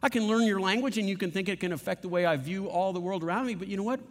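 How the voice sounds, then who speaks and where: A man voicing a devout young Hebrew exile who declares his steady, defiant loyalty. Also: sits high, very fast, long reverb tail, lightly acted. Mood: resolute.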